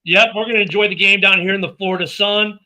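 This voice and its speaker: A man's voice: sits high, fairly even intonation, quick pace, a crowd in the background, low-quality recording. A man hosting a casual sports podcast, upbeat and joking as he plugs the show and signs off. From Minnesota. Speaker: podcast host.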